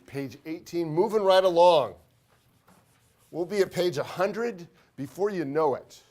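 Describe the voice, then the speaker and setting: A man teaching an accounting class, talking fast and joking with students, his throat dry from talking. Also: a little high, a little mellow. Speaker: accounting instructor. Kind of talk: classroom lecture.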